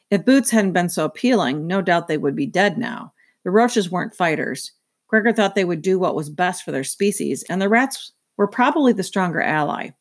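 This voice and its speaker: A woman narrating a children's novel aloud in a steady, clear storytelling manner. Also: on the low side. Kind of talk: children's book read-aloud.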